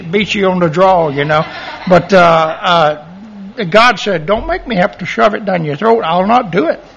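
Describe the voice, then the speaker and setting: A middle-aged man preaching a sermon in a folksy, animated way, full of restarts and asides. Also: sits high. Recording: dull lo-fi sermon recording.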